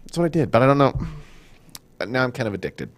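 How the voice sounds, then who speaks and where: A middle-aged man hosting a casual studio chat, joking and rambling in an animated way. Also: mid-range voice, quick pace. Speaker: show host.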